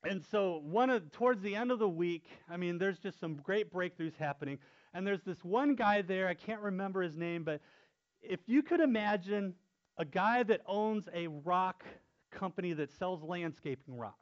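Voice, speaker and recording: A man tells a story in a relaxed, chatty way, often laughing between phrases. His voice sits high for a man and is animated. The recording sounds dull and lo-fi. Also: normal speed. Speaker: youth pastor telling a story. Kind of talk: casual storytelling.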